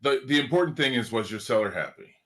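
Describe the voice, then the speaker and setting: A man's voice: medium pitch, expressive, quick pace, a bit bright. A man hosting a casual video call chat, talking in a rambling way with frequent restarts. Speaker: host.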